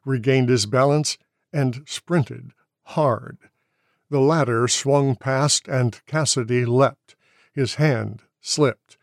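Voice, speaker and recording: Slow, gravelly male storyteller. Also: mid-range voice, no room sound, studio quality. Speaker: narrator. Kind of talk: scripted audiobook narration.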